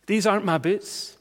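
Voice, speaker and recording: A Scottish man preaching a sermon, telling a funny story with self-mocking humour and lively exasperation. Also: sits high, slight background noise.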